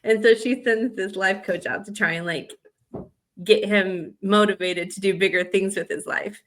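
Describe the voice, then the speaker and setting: A woman's voice: mid-range voice, steady tone, moderate pace, fairly bright tone, a little hiss or hum. Chatty woman romance podcast co-host. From American South. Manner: chatty, rambling with fillers. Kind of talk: casual chat.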